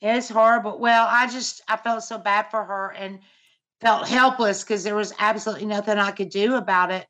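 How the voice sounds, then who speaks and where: A middle-aged woman speaks as a podcast guest, recounting a painful family story. Her voice is bright and clear. She talks haltingly and earnestly, with frequent filler words. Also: medium pitch, fairly even intonation. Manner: halting, many "you know" fillers, earnest. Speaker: interview guest, mother. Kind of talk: personal account in podcast interview.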